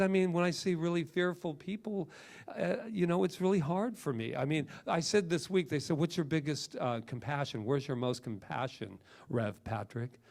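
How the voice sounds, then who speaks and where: Middle-aged male minister, gravelly, animated emphatic preacher. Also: fairly high pitch. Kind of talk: sermon.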